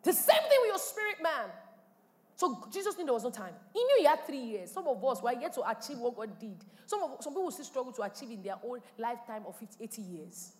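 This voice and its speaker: A woman pastor preaches in an animated style, swinging from quiet asides to loud bursts. Her voice sits high and moves a lot. It rings out with a long reverb in a church hall. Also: a little fast. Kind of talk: sermon.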